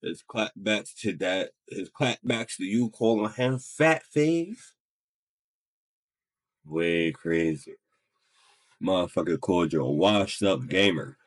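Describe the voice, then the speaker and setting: A man giving casual, profane reaction commentary with blunt asides. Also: low voice. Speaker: reaction streamer.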